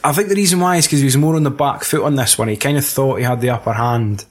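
A man's voice: mid-range voice, quick pace. A man in casual chat about a film, rambling and stop-start, swearing and breaking into mocking voices.

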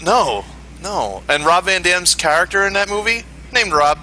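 A man co-hosting a casual podcast chat, wisecracking and quick to laugh. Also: sits high, very animated, sharp tone, slight background noise, poor audio. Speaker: podcast co-host.

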